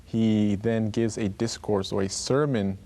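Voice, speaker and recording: A male talk-program host with a somewhat low voice. He welcomes the viewers, introduces his guest and asks short questions. When he reads scripture aloud, he reads it plainly. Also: steady tone, unhurried, warm tone. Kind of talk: interview host.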